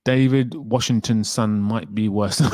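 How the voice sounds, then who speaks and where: A man hosting a livestream, answering chat questions in a relaxed, rambling way and laughing often. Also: on the low side, dry recording. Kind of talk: casual chat.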